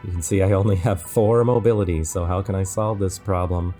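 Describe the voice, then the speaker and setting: A man's voice: low-pitched, fairly even intonation, brisk, dark tone. A man narrating a gameplay build tutorial in a casual, playful voice-over, chatting with the game pieces as he places them. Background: background music.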